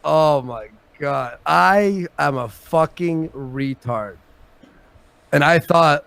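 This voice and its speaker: Guy hosting a stream, kinda gravelly, a bit high, swears a lot and gets worked up telling stories. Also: extremely slow, no room sound. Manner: animated, swearing storyteller who swings from loud to mumbled. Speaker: show host. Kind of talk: casual livestream chat.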